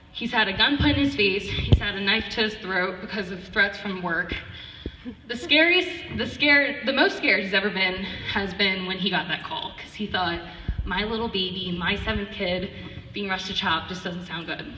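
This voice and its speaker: A teenage girl tells a personal story in a loose, chatty way, filling it with "like" and acted-out quotes. Her voice is bright and clear. She is recorded from a distance in a large hall with a long echo. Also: medium pitch, slight background noise. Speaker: student speaker at a charity event.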